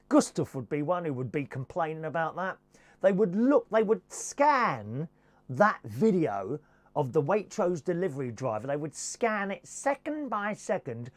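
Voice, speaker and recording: A man giving a camp, theatrical comic monologue, slipping into posh and working-class voices. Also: on the high side. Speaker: comedy presenter.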